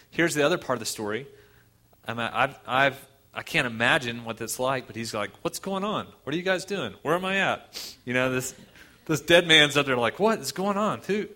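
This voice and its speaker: A man's voice: medium pitch, pushed and bright. A man preaching a sermon, retelling a scripture story with emotion and asking the listeners rhetorical questions. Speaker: pastor.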